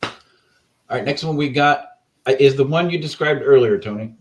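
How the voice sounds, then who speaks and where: A man's voice: medium pitch, normal speed. A man co-hosting a paranormal talk show, joking around and swearing freely. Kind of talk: casual chat.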